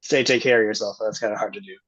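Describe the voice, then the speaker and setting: A player voicing a kind, gentle adventurer in a tabletop game, with soft, apologetic, teasing talk. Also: mid-range voice, steady tone, very fast, breathy edge, pitched below the performer's own voice. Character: kindly adventurer man, gentle and joking. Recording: dull, muffled stream audio.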